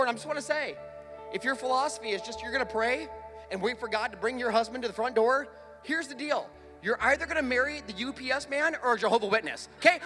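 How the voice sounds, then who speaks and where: A male pastor preaching a sermon from a church stage, swinging between loud urgent lines and hushed ones. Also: extremely high pitch, very animated, fast, big-room sound, soft background music. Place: church sanctuary.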